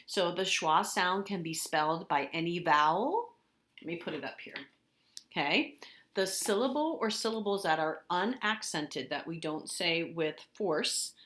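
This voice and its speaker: Slow, careful teacher voice, low-pitched woman. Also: a bit bright. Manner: slow, deliberate, sounds out letters and syllables. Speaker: third grade teacher. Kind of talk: recorded spelling lesson for children.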